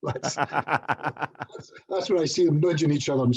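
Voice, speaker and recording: A man's voice: on the high side, moderate pace, a little mellow, a little hiss or hum. A middle-aged Scottish man giving a casual online presentation as a hypnotherapist, chatty and self-deprecating, with little jokes. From Scotland.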